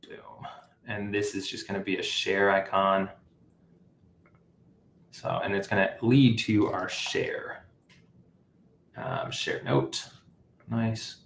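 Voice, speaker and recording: A man's voice: on the low side, slow, gravelly, long pauses, echoey room, a little hiss or hum. A man hosting a live app-building stream, thinking aloud with fillers and self-corrections as he works. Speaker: livestream host building an app. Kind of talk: casual live coding walkthrough.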